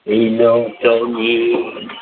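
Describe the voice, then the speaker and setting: A man's voice: mid-range voice, completely flat delivery, extremely slow. A man calling into a talk show who mumbles and hesitates. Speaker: caller. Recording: tinny phone line with faint noise.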